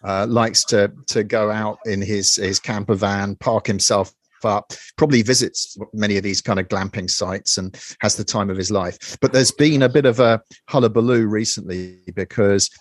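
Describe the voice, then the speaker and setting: Low-voiced guy hosting, umms a lot, dry close sound. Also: fairly even intonation, moderate pace, hardly any pauses, no room sound. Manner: hesitant, many fillers and restarts. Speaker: host. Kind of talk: casual review chat.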